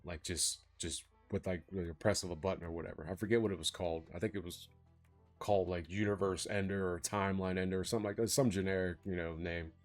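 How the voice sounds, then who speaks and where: A man's voice: sits low, fairly even intonation, fast talker, faint music behind. A man casually recapping a movie plot for a review vlog, rambling with lots of fillers. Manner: rambling, filler-heavy, laughs while retelling.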